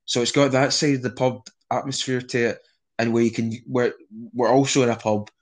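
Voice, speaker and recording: A man's voice: mid-range voice, steady tone, a little fast. A young Scottish man chatting casually in an interview, rambling with frequent restarts and swearing. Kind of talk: casual conversation.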